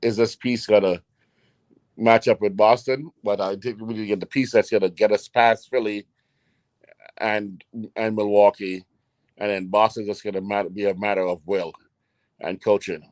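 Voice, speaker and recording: A man's voice: fairly low pitch, fairly even intonation, moderate pace, long pauses, a little mellow, no room sound. Joking, rambling man talking sports. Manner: joking, rambling, laughs often. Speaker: podcast co-host. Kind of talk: casual sports chat.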